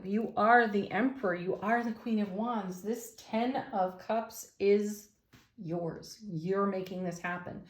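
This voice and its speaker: A woman giving a daily tarot reading, gentle and enthusiastic, with affirming words for her viewers. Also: medium pitch. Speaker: tarot reader. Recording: roomy echo.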